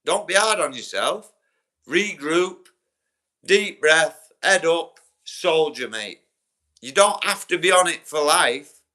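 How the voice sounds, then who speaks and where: A man's voice: on the high side, expressive, takes it slowly, sharp tone. A young man with a Yorkshire accent, chatting bluntly and swearing on a livestream, answering viewers by name. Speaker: livestream host. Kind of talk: casual livestream chat.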